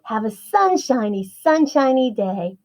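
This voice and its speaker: A woman teaching a writing lesson to young children, slow and sing-song, stretching her words out and encouraging them. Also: on the high side, very animated, a little mellow.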